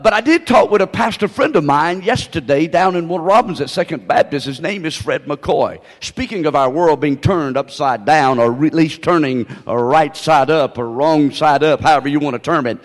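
A male pastor preaches with a slightly high voice, spinning folksy stories and stretching out key phrases. His words ring through a church sanctuary with a long hall reverb trailing behind them. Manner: folksy storytelling with drawn-out emphasis. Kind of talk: sermon.

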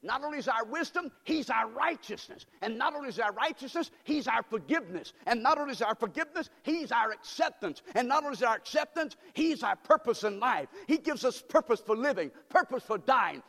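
A male pastor preaching with a high, swooping voice that leaps and dips through every phrase. He drives his points home through fervent repetition and questions thrown to the congregation. The sound rings with a long reverb from a church sanctuary. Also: expressive, brisk, creaky, hardly any pauses, a bit bright. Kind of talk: sermon.

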